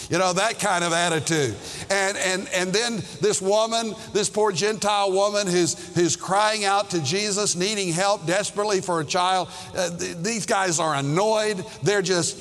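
A man preaching a sermon as a pastor, his voice set slightly high for a man. He takes each phrase slowly and leans into the emphasis, putting questions to his congregation. A long hall reverb trails behind every line. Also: a bit bright.

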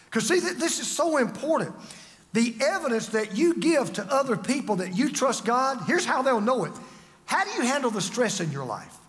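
High lively preaching man in a hall. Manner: dynamic preaching, swings from loud to hushed. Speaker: pastor. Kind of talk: sermon.

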